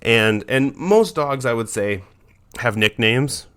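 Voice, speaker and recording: A man's voice: medium pitch, lively intonation, slow pace, a bit bright, smooth. A man hosting a dog training podcast, talking in a loose, chatty monologue with many fillers and restarts.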